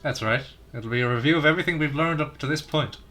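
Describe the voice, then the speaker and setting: A man's voice: a little high, fast, sharp tone. A man reading as a peppy teenage tomboy. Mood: determined. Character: cheerful, energetic teenage tomboy girl. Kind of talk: reading game dialogue aloud.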